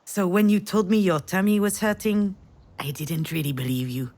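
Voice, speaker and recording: A woman's voice: lowish voice, expressive, moderate pace, a little mellow. An actress playing a mother who tells her grown daughter a family memory in a tender storytelling voice. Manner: tender storytelling, rising with emotion.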